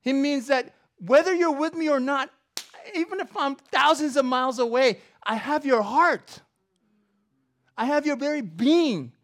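Woman, sermon, slightly high voice, shifts between soft asides and loud emphatic preaching. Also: unhurried. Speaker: professor.

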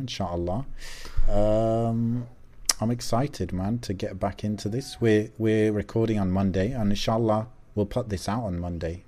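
A man's voice: on the low side, warm tone. A young man hosting a podcast over a remote call, rambling with lots of fillers and checking in with his co-host. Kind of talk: casual chat.

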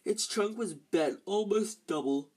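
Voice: mid-range voice, a little slow, darkish tone, slightly rough. Tired amateur reader stumbling through a novel. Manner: stumbles and restarts often, tired. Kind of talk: amateur reading of a novel aloud.

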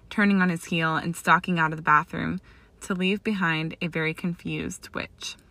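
A woman narrating a story aloud, reading in a steady, measured way. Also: on the low side, dry recording. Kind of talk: audiobook narration of fan fiction.

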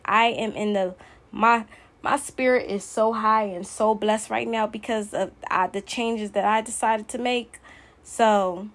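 A woman hosting her own podcast, talking straight to her listeners in a blunt, forceful way. Her pitch sits in the middle for a woman. She hammers each point home by saying it again. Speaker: podcast host. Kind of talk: motivational monologue.

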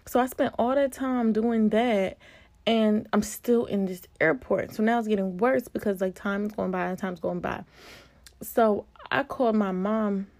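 A woman in her early twenties from Virginia, vlogging a casual storytime with an animated, expressive delivery. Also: mid-range voice, a little slow, no echo. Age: early 20s.

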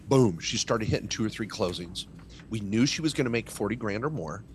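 A man's voice: medium pitch, slight background noise. A middle-aged man, a tax lawyer guest, talking in casual podcast chat and telling stories with emphasis. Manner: animated, emphatic storytelling.

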